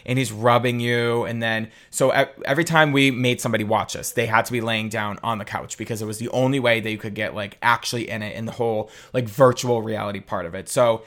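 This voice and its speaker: A young man telling a casual, candid story, animated and swearing freely. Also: fairly low pitch, quick pace, hardly any pauses.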